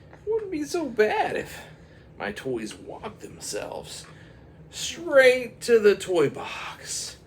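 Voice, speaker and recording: A man doing a small boy's voice, pitched way up and swooping through a very wide range, slow and eager as he orders his toys around. The boy sounds wide-eyed and wondering. A steady noise hangs under the recording. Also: exaggerated voice. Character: a boy who believes his toys obey him.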